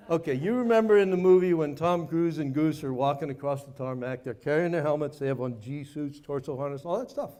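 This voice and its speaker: An older man tells an audience a story about his war years. His voice sits a little high, and his delivery is folksy and self-mocking, with dramatic pauses. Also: warm tone. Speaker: guest speaker, former Navy pilot. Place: party venue before a live audience.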